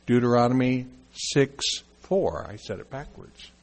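Animated male preacher, lively pitch. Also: unhurried. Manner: animated preaching, acting out quotes. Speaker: pastor. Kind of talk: sermon.

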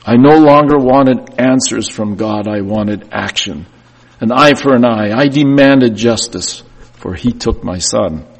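A male preacher tells a painful story in the first person, surging and then sinking quietly. His voice is husky and middle-pitched. It rings through a church hall with a long tail of reverb. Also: a little slow. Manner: emotional first-person storytelling, rising and falling in intensity. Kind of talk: sermon.

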